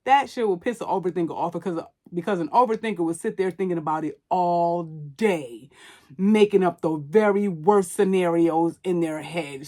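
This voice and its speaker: With a dark tone and a voice on the low side, a podcast host offers casual movie-review commentary. She's chatty and blunt, swearing often and leaning heavily on "like."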